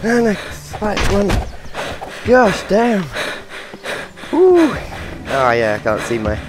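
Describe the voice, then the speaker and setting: A man commenting casually on his own gameplay, calm one moment and whooping with excitement the next. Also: high-pitched, takes it slowly, noisy background. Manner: excitable, with sudden whoops and exclamations between calm remarks. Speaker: gaming video host. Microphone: personal mic. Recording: game music playing behind.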